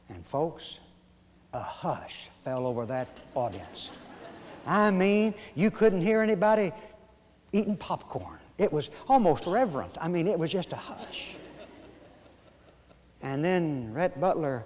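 An older pastor delivers a sermon with a slightly raised pitch. He slides from homespun storytelling into slow, emphatic declarations punctuated by dramatic pauses. His voice rings out with the long reverb of a large hall. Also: sing-song, darkish tone, a little hiss or hum. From Arkansas, USA.

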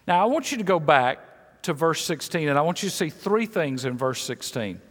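Guy preaching a sermon, punchy repeating lines, bit high pitched, big echoey church. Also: big pitch swings, normal speed. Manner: emphatic, repetitive preaching cadence. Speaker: pastor.

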